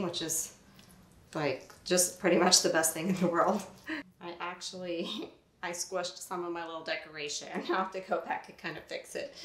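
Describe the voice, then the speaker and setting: A woman's voice: mid-range voice, sharp tone, roomy sound. A woman vlogging a casual cooking demonstration in her home kitchen, bubbly and laughing often as she works. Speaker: recipe vlogger.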